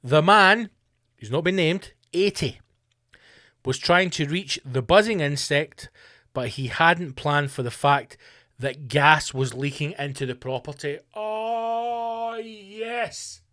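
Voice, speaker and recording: A man's voice: a little high, measured pace, bright, forceful tone. A man hosting a podcast, delivering a profane, mocking comedic rant. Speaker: podcast host.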